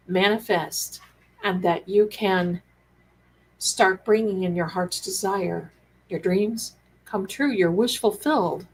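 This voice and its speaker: A woman hosting a live spiritual talk stream, chatty and animated, calling viewers her darlings. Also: mid-range voice, poor audio. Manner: chatty, animated, acts out quoted dialogue, calls viewers darlings. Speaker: psychic and tarot host.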